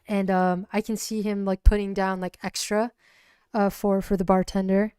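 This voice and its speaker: A woman narrating her solo tabletop role-playing game on a livestream, halting with many restarts. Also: medium pitch, flat delivery, dark tone, clear, resonant tone, no echo, clean studio sound.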